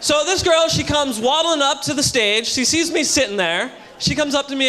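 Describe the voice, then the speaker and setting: A man doing a loud, punchy stand-up comedy set on a hotel ballroom stage, with a live audience audible. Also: extremely high pitch, lively intonation, normal speed, few pauses. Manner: loud, punchy delivery to a crowd.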